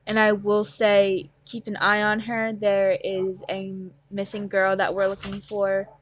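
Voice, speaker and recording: A woman voicing a plain-spoken male police officer in a tabletop game, speaking haltingly with fillers. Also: mid-range voice, monotone, muffled recording, natural voice. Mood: questioning.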